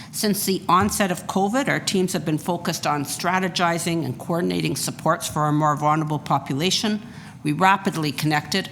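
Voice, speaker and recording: A woman, a deputy city manager, giving a brisk, organized briefing presentation. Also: on the low side, a bit bright, a little hiss or hum.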